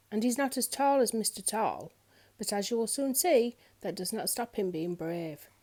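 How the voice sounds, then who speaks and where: A woman reading a children's picture book aloud in an expressive storyteller's manner. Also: medium pitch. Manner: expressive, lilting.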